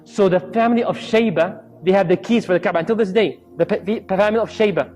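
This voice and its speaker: An Islamic speaker gives a storytelling sermon, acting out the voices of the people in his stories with lively energy. His voice is high-pitched and he talks fast.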